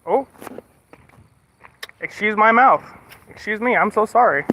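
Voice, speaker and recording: A man's voice: high-pitched, animated, a little slow, pushed and bright, a little hiss or hum. A man from the United States in casual livestream chat, swearing freely as he rants and then apologizes. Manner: profane, ranting and then apologetic. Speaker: streamer. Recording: slightly muffled stream audio.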